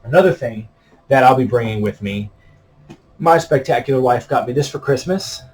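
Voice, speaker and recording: A man's voice: mid-range voice, moderate pace, darkish tone. Rambling, easygoing man vlogging. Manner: rambling, easygoing, many fillers. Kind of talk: casual chat to camera.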